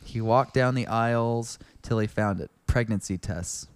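A man co-hosting a podcast, casually reading fan fiction aloud in a deadpan way with wry asides. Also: mid-range voice, unhurried, clean tone, dry recording. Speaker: podcast co-host.

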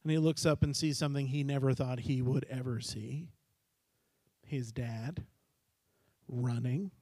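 A man's voice: medium pitch, unhurried, dry recording. A middle-aged man preaching a sermon, telling a story and acting out the characters' voices. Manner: animated, acts out characters' voices. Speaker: pastor.

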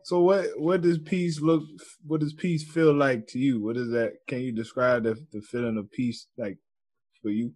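A man's voice: mid-range voice, steady tone, normal speed, darkish tone. A young adult man co-hosting a podcast, laughing as he tells a story with mock grief. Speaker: podcast co-host. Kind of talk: casual chat.

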